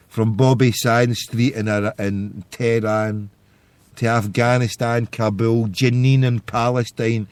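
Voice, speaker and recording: Here a man from Scotland hosts a podcast, wandering loosely from story to story in a relaxed monologue. His voice is medium-pitched and a little mellow, with no room sound.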